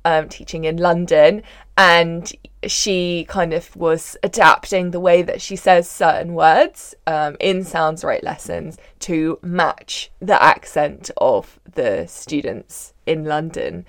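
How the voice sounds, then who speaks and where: A woman hosting a podcast, reading listener questions and adding brisk, friendly comments. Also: low-pitched, dry recording, studio quality. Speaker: podcast host.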